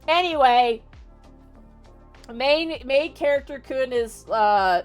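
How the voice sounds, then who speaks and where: A young woman streamer casually retelling a novel for her chat, animated and exasperated, swearing freely. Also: sits high, a little slow. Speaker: VTuber streamer. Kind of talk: casual livestream book retelling. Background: faint music.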